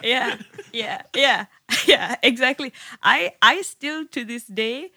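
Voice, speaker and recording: A woman's voice: on the high side, slow, gravelly, dry recording, studio quality. A woman, a guest veterinarian in a casual podcast chat, telling stories with lots of laughter. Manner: laughing, animated storytelling.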